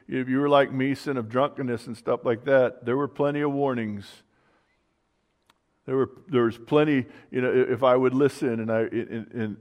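Man, pastor, sermon, conversational, restarts a lot, mid-pitched voice. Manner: conversational, repeats words and restarts, says "you know" often.

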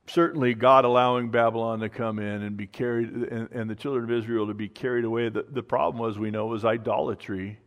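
Man, pastor, sermon, conversational, restarts a lot, mid-pitched voice. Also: steady tone, a little fast. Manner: conversational, repeats words and restarts, says "you know" often.

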